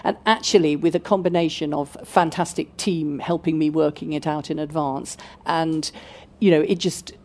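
Brief: sixties woman, festival guest speaker, lively anecdotal delivery, plenty of ums. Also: low voice, moderate pace. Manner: animated storytelling with fillers. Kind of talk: festival talk answering questions.

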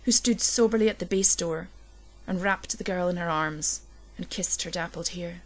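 A woman reading a dark first-person story aloud, low and intense, swelling at the tense moments. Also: moderate pace. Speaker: narrator. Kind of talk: scripted horror story reading.

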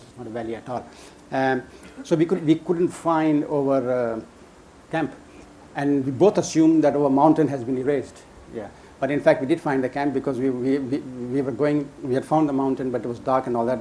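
A man's voice: medium pitch, warm tone, a little hiss or hum. An older man telling a long anecdote in a casual way, often chuckling and restarting his sentences. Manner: chuckling, halting with many restarts. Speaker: storyteller guest.

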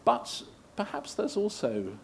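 A man's voice: high voice, huge pitch swings, unhurried, vocal fry, a little hiss or hum. A middle-aged man telling anecdotes to a live audience, rambling and self-deprecating with frequent chuckles. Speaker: guest interviewer at a live event. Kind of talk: anecdotal talk answering audience questions.

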